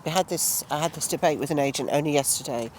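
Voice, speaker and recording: A woman's voice: sits low, fast, darkish tone. A woman trainer talking through her views in an outdoor interview, emphatic, acting out quoted exchanges with a pointed tone. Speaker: trainer for estate agents, guest. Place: outdoors by a towpath with passing traffic. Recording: outdoor recording with clear street noise.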